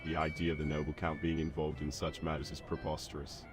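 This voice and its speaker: A text-to-speech male voice playing a pompous circus lion tamer in a game, formal and dismissive. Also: fast. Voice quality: very deep, flat, formal. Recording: game audio with music behind.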